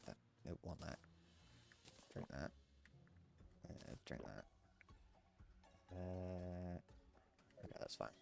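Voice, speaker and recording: A young man with a southern English accent, chatting casually while streaming a game and answering chat, muttering low to himself between brighter, self-deprecating replies. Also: creaky. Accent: British, southern English. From England. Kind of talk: casual gameplay chat reading chat aloud. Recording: faint background noise and clicks.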